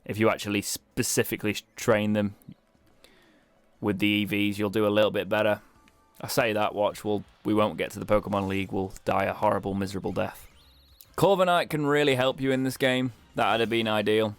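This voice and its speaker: A man's voice: lowish voice, fairly even intonation, fairly quick, smooth, dry recording, faint music behind. A young British man giving chatty, wry commentary as he plays a video game, with self-mocking asides. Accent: British English. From Britain. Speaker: let's play streamer. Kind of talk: casual gameplay commentary.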